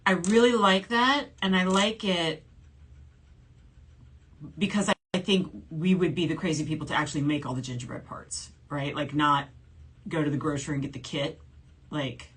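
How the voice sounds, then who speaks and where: A woman in her forties from New Orleans, USA, hosts a shopping channel livestream, chatting casually, reading viewer comments aloud, and laughing often. Her voice sits low and is a bit bright and husky, at normal speed.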